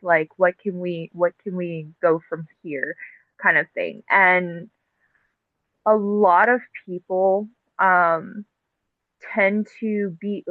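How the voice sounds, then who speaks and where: A woman's voice: on the low side, fairly even intonation, no echo. Woman talking over a tinny phone line. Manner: halting, filler-heavy, explanatory. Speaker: podcast guest, TikTok live host. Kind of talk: casual conversational interview.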